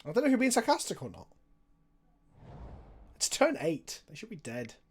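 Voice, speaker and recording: A young man with a slightly high voice hosts a casual live stream. He thinks aloud about his card game moves and chats with viewers between plays. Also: huge pitch swings, moderate pace, darkish tone, slight background noise. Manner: chatty, answers viewer questions while planning plays.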